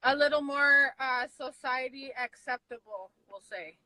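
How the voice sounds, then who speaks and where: A woman's voice: high voice, a little slow, a crowd in the background, rough recording. A woman interviewing a rapper in a casual, chatty way, hesitant and full of fillers.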